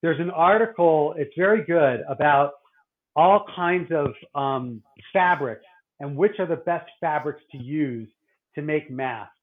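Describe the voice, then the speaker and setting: A middle-aged man who works as a doctor talks in a loose, rambling way, doubling back and restarting his sentences. His voice sits a little high. The sound is thin and boxy, as if it were coming over a phone call. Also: a little slow. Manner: rambling, many restarts and fillers. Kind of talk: casual podcast chat.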